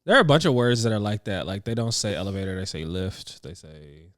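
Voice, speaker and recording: A man co-hosting a casual podcast chat, American with a slight British touch, talking in a relaxed, rambling, slangy way. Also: deep voice, brisk, dry recording, studio quality. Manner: laid-back, rambling, slangy. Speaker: podcast co-host. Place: living room couch.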